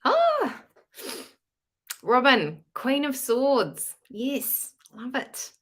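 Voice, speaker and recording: A woman's voice: lowish voice, a little slow, pushed and bright. A woman giving live-streamed tarot readings in a chatty, frank and casual way, swearing freely. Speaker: tarot reader.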